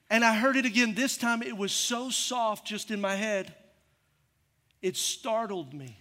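A middle-aged male pastor with a high voice delivers a sermon as lively storytelling, acting out each part as he goes. His voice rings with the long reverb of a large hall. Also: a little slow.

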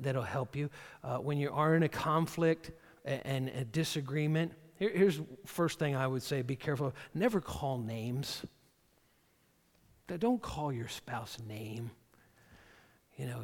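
A man preaching a sermon as a pastor in a church, talking conversationally and often repeating words as he starts a phrase. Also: mid-range voice. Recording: long reverb of a large hall.

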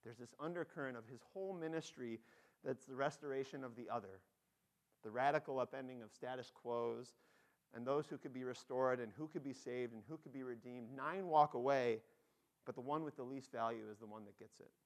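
A pastor preaching a sermon, telling the story with feeling, acting out excited voices and dropping soft on key points. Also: male voice, medium pitch, a little fast.

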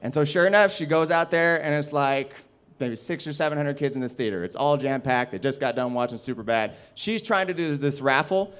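A stand-up comedian, a man, telling a rowdy story in casual, animated speech with laughter and swearing. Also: fairly high pitch, fairly quick, smooth.

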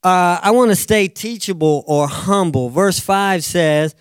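A man preaching a sermon as pastor, animated, acting out quotes and swinging between loud bursts and hushed asides. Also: high voice, a little slow, clean tone, no room sound, clean studio sound. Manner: animated, acts out quotes, jumps loud and soft.

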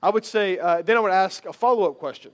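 A man's voice: high-pitched, fast talker. A man giving a sermon as a pastor, conversational and emphatic, repeating phrases for stress.

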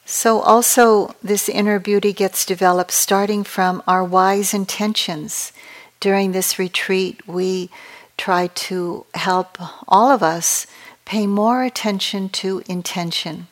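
A woman meditation teacher giving a dharma talk at a retreat, speaking in a calm, measured and reflective way. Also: medium pitch.

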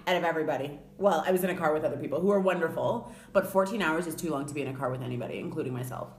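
A woman's voice: low-pitched, very fast, a little hiss or hum. Tired, wry woman in an echoey room. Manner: wry, self-deprecating, playful. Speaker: podcast co-host. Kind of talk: casual chat.

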